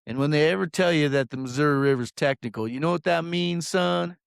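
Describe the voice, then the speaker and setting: A man putting on a blustering, high-pitched fishing guide. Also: fairly quick, creaky, clean tone, no room sound, studio quality. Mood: scolding. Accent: put-on exaggerated accent. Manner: condescending, profane, drawling "son". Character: blustering male fishing guide lecturing a client.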